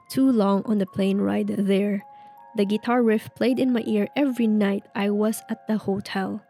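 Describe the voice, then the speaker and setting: Woman narrator, mellow hushed read of spooky tales, faint music behind; casting for storytelling channel. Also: mid-range voice. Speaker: narrator reading online stories. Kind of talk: reading a creepy story aloud, then commenting.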